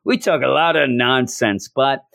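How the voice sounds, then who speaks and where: A man's voice: medium pitch, unhurried, creaky, fairly bright tone, no echo, studio quality. A man quoting a distraught young woman full of guilt, in a raised, pleading voice. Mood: guilty.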